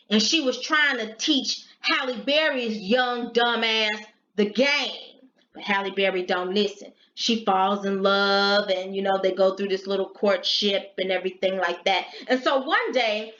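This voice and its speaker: A middle-aged woman telling a story and giving blunt, profane advice in casual vlog talk. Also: on the high side. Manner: blunt and profane, animated retelling. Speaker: vlogger giving advice to sex workers. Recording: echoey room, dull lo-fi sound.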